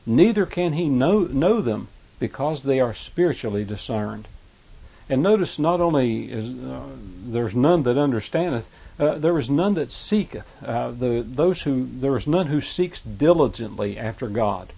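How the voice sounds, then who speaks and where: A man preaching a sermon, reading scripture aloud in old-fashioned wording and explaining each verse, his voice rising and growing louder on the quoted verses. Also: lively intonation, a little slow, gravelly, breathy edge. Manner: reads scripture aloud in King James wording, then explains it; rises in pitch and force on quoted verses.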